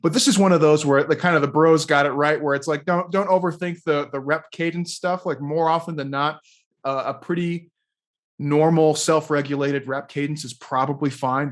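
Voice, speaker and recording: A man in his thirties, a scientist co-hosting a casual question-and-answer chat, agreeable and quick to laugh, with frequent restarts. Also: on the high side, fairly even intonation. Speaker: co-host, sports scientist.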